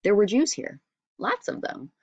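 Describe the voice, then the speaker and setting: A woman reading a storybook aloud in a steady, measured way. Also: medium pitch, no room sound, dull audio. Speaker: audiobook reader. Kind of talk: storybook narration.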